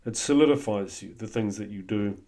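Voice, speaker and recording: Guy, lowish voice, swearing a lot, blunt pep-talk vibe. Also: moderate pace, dark tone. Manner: blunt, swears freely, coaching tone. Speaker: host. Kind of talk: motivational monologue.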